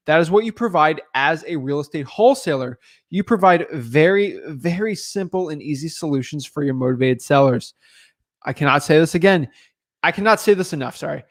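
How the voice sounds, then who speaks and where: A young man giving a live, conversational sales training talk as a real estate wholesaling coach, energetic and repetitive. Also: high-pitched.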